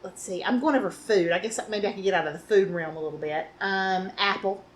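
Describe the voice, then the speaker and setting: Brief: woman podcast co-host, mid-pitched, chatty storyteller, faint background noise. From North Carolina. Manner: chatty storyteller, quick affirming murmurs. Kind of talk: casual chat.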